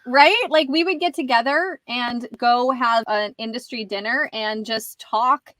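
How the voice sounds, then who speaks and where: A woman's voice: on the high side, unhurried, fairly bright tone, no room sound. A woman hosting a casual podcast interview. She is chatty and often laughs between phrases. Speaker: podcast host.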